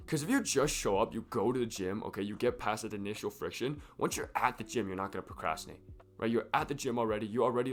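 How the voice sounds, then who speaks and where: A young man with a croaky, sick voice, rambling casually and profanely to camera in a fitness vlog. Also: lowish voice. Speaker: fitness vlogger.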